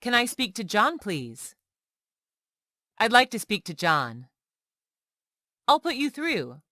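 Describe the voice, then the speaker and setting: Slow, clearly spoken woman reading phrases. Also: on the high side, no echo, studio quality. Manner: slow, clear, lively intonation on questions. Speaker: English teacher reading example sentences.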